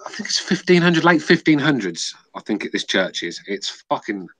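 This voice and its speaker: A man's voice: medium pitch, sing-song, normal speed, a bit bright, no room sound, poor audio. A man with an English accent, chatting and telling stories on a casual podcast, swearing freely. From England. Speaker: podcast co-host.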